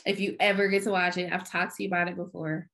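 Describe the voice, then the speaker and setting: A woman's voice: lowish voice, little pitch movement, fairly bright tone. A woman co-hosting a podcast, chatting casually about TV shows in an emphatic, teasing way. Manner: emphatic, teasing, quick to interject. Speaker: podcast co-host.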